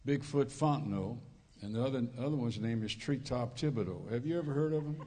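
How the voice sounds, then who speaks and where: A man's voice: mid-range voice, a little fast, mellow. A man with a Cajun accent from Louisiana preaching a sermon as a visiting preacher, folksy and joking, repeating his phrases, on a church microphone. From Louisiana Cajun country. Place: church sanctuary. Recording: reverberant church hall.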